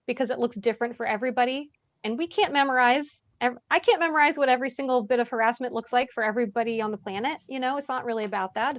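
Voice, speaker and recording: Woman trainer, slightly high voice, casual and earnest, filler-heavy, acts out example lines, dull dry recording. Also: no room sound. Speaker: safer space trainer. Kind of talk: answering audience questions in a workshop.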